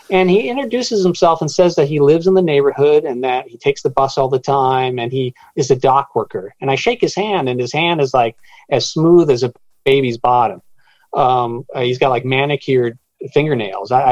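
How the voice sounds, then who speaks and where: A man's voice: medium pitch, moderate pace, a little mellow, no room sound, muffled recording. A man being interviewed about his book, retelling a strange encounter with many stammered restarts and quoted voices. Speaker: author guest. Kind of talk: storytelling interview.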